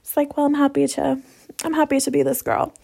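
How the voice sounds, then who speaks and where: A young woman talks straight to her audience in a casual, profane storytelling rant. Her voice sits high and keeps slipping into a gravelly fry. She is sarcastic and blunt throughout. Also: flat delivery, a little fast, mellow.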